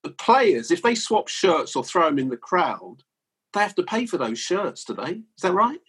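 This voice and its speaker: Husky journalist with lively pitch. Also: male voice, moderate pace. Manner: curious, asks questions and recalls stories. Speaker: journalist, guest. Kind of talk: casual chat.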